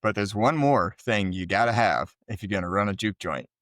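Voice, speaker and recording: A man's voice: fairly low pitch, moderate pace, dry recording, studio quality. A man co-hosting a podcast, chatting casually about a film and swearing freely. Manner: relaxed, swears freely, laughs often. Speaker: podcast co-host. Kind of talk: casual movie review chat.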